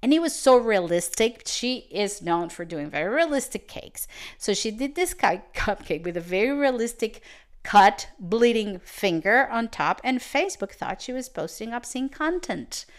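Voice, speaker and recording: A woman's voice: fairly high pitch, sing-song, normal speed. A woman hosting a podcast as a business coach, giving advice in a chatty storytelling manner. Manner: chatty, storytelling, restarts and fillers. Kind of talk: casual podcast monologue.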